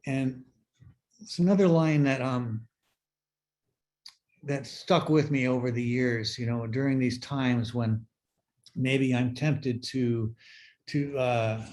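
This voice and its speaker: A middle-aged man sharing his recovery story at a workshop, speaking in a halting, reflective way with many fillers and restarts. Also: medium pitch, fairly even intonation, darkish tone. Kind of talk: personal sharing talk.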